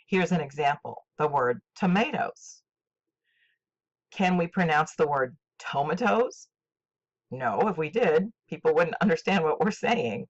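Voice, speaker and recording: Older woman teacher, low lively voice. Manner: slow, deliberate, clearly enunciated teaching. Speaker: literature teacher. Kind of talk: scripted instructional lesson. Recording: dull lo-fi recording.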